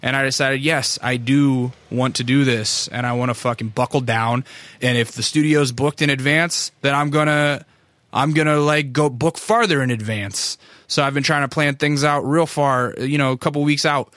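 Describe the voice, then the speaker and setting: A man in his thirties from Alaska, hosting a podcast in a casual, rambling, profane monologue, acting out quoted voices and jumping up high for them. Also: steady tone, moderate pace, fairly bright tone, no room sound. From Alaska, USA. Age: 30s. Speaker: podcast host. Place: recording studio.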